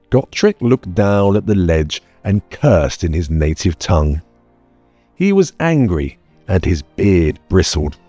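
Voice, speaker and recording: Man narrating, measured storytelling, animated intonation, dry recording. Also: low-pitched, breathy edge, dry recording. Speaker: audiobook narrator. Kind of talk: scripted narration. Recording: dry close mic, faint music bed.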